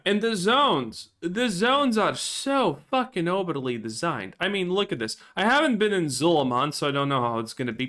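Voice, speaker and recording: A man's voice: on the high side, pushed and bright. A man giving ranting gameplay commentary, frustrated and profane. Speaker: gaming channel host.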